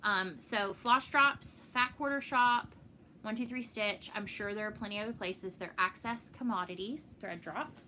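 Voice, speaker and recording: A woman's voice: medium pitch, moderate pace, pushed and bright, a little hiss or hum. A woman from Texas with a Texan accent, chatting casually with viewers as host of a stitching show at home. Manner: chatty, laughing, answers viewer comments. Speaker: flosstube host. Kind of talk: casual live chat.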